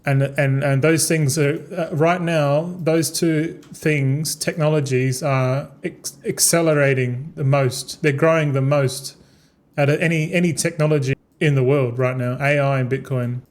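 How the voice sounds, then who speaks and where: Young male streamer, slightly high voice, loose stumbling chat peppered with swearing. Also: fairly even intonation, unhurried. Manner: repetitive, stumbling, swears freely. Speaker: gaming streamer. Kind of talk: casual rambling stream talk.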